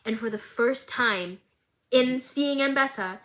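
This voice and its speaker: A woman recapping an animated series in a dramatic, animated storytelling style. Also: on the high side, measured pace. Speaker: recap vlogger.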